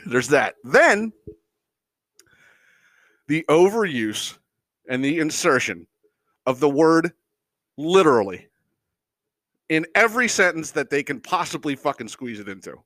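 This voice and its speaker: A man riffs unscripted on his podcast, cursing freely and rambling through exasperated complaints. His slightly high voice leaps around in pitch. The sound is dry and close, with no room around it. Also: pushed and bright, no room sound. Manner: profane, exasperated, mocks people in quick impressions; rambling, unscripted, frequent fillers and chuckles. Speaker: podcast host. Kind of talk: casual comedic rant.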